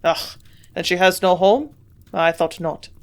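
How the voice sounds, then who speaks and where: A woman voicing a shrewd old German male scientist who grunts out blunt remarks in a put-on German accent, louder than her narration. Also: on the low side, unhurried. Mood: gruff.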